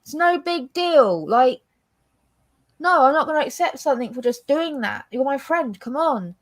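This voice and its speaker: A woman with an English accent chatting casually as a co-host, blunt and animated, swearing freely. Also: high-pitched, moderate pace. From England. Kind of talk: casual chat.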